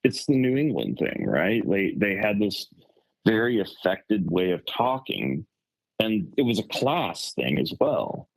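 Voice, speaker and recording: A man on a podcast telling a story in casual chat, rambling and animated with lots of fillers. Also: fairly low pitch, unhurried, gravelly, husky, no room sound, rough recording. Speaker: podcast co-host.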